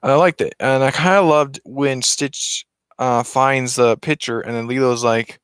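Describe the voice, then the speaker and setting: A man's voice: medium pitch, fairly even intonation, measured pace, a bit bright, smooth, no echo, studio quality. Rambling man retelling a film. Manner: rambling, many restarts and self-corrections. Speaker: vlogger. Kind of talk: casual movie retelling.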